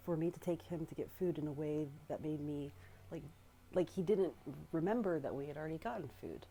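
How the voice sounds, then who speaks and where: Young woman rambling through a story, low voice, kinda mellow, lots of halting restarts. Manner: rambling, halting, with frequent swearing. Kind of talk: casual spoken storytelling.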